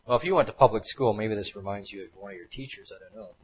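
A man's voice: lowish voice, fast talker, husky, rough recording. A man giving a slide lecture to a live audience, talking emphatically and repeating his points over and over.

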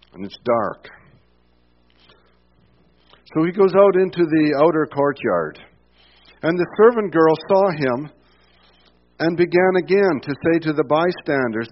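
A man's voice: fairly high pitch, muffled recording. Conversational male preacher on radio. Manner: conversational preaching, personal asides. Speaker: pastor. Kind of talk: sermon.

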